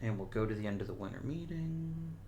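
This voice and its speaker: A man's voice: lowish voice, expressive, fairly quick, warm tone, slight background noise. A man hosting a gaming channel, thinking aloud in casual let's-play commentary and talking to the players on screen.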